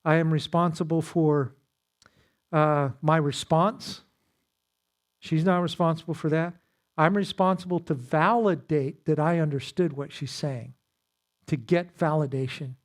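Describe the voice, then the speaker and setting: A man with a slightly high voice leads a marriage seminar at a church. He teaches in an easygoing, conversational way. He pokes fun at himself and acts out little exchanges as he goes. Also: steady tone, a little slow. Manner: conversational, with self-deprecating humor and acted-out quotes. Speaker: pastor leading a marriage seminar.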